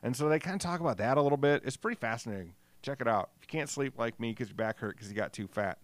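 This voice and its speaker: A man's voice: medium pitch, animated, fast talker, dry recording. Man, middle-aged, casual rambling monologue, self-deprecating, swears, dry sound. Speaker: podcast host. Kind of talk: casual solo podcast monologue.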